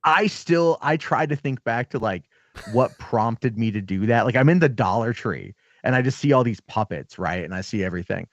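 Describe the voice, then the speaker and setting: A man's voice: mid-range voice, lively intonation, moderate pace, no echo, muffled recording. A man, a guest on a podcast, chatting casually and telling rambling, profane anecdotes.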